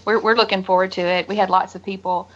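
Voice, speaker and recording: A woman's voice: mid-range voice, level tone, fast, dull audio. A woman chatting as a guest on a podcast, talking with enthusiasm and lots of fillers. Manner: enthusiastic, rambling, many "you know" fillers. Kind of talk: casual chat.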